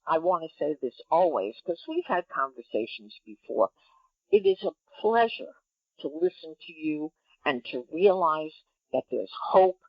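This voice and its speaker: A woman's voice: deep voice, very animated, measured pace, dry recording, dull audio. A woman hosting a podcast interview, effusive as she thanks her guest. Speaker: podcast host.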